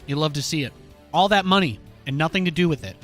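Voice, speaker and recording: A man streaming from home, narrating his match in a slightly high voice with animated, playful jabs at his opponent. He speaks close into a desk mic, with faint music under his talk. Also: fast. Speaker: game streamer. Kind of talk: live gameplay commentary.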